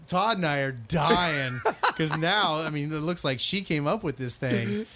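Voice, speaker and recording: A man co-hosts a casual podcast and recounts anecdotes with animated amusement. His voice runs a bit higher than the typical man's. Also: unhurried, a little hiss or hum. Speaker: podcast co-host. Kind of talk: casual chat.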